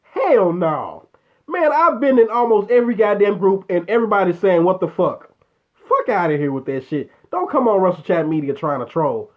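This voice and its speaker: A man's voice: high voice, expressive, brisk, dull audio. A man hosting a casual live chat, ranting bluntly and with a lot of profanity at a viewer's comment. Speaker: show host.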